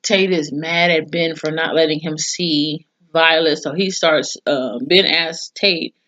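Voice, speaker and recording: A woman's voice: low voice, steady tone, a little slow, a bit bright. A woman recapping a TV episode in a casual, profane, chatty way, full of slang. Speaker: TV episode reviewer.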